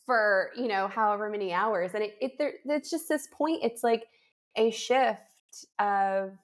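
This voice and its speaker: A woman's voice: medium pitch, unhurried. A young woman hosting a podcast, talking in an effusive, emotional and rambling way. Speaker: podcast host. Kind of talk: casual chat.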